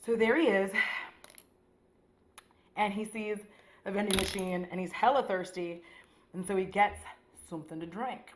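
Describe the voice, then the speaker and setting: A woman's voice: medium pitch, normal speed, long pauses, reverberant, background noise. A woman beauty vlogger chatting casually while doing her makeup, rambling in a slangy, profane way with lots of "like.".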